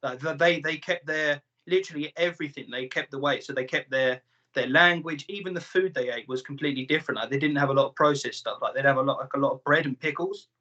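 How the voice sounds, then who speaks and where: A man with a British accent chatting on a podcast, halting and repeating words as he talks. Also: on the high side, sharp tone. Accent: British English. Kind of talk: casual podcast chat. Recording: slightly muffled podcast audio.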